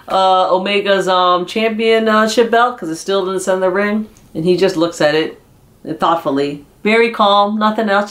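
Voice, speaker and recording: A chatty YouTuber retells a wrestling episode in a loose, unscripted way, full of fillers and restarts. The voice sits in a middle pitch, and the delivery stays casual throughout. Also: fairly bright tone. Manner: chatty, many fillers and restarts, often laughing. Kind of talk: casual spoken recap.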